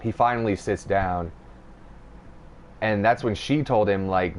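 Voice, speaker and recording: A man's voice: sits low, moderate pace, long pauses. A young man hosting a podcast, telling a rambling, profane story in casual chat. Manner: profane, rambling, animated retelling. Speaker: podcast host.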